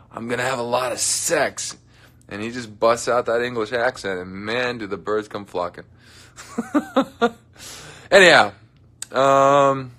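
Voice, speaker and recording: A young man hosting a casual livestream from his dressing room, joking and chatting with viewers in a playful way. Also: mid-range voice. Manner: playful, joking, drifts into soft mumbles. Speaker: livestream host. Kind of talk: casual livestream chat reading comments.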